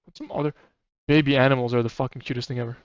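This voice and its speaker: Racing along in a steady, mid-range voice, a streamer rambles casually, swears frequently and laughs a lot. The mic is dry and slightly muffled, with no echo.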